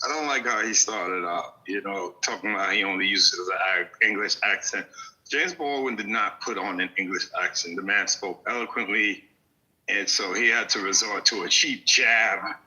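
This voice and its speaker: A man's voice: on the low side, pushed and bright, low-quality recording. A man from New York in casual chat, hesitant and stammering through restarts.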